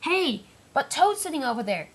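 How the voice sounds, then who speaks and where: A vengeful male engine from a toy-train story gloats with excitement in a raised voice, as a woman narrator puts him on. He takes delight in his own scheming. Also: high-pitched, normal speed, voice pushed up. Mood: gloating.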